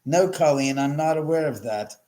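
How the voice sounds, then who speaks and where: Slightly high-pitched and warm, this middle-aged livestream host sounds animated while keeping a moderate pace. He chats casually and wanders off topic while responding to viewers' comments, laughing frequently and restarting his sentences.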